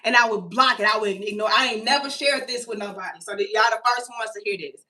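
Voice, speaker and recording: A woman's voice: on the high side, fast talker, pushed and bright, distant mic. A woman in her thirties, chatting casually and profanely straight to her viewers while she tells a personal story. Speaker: vlogger.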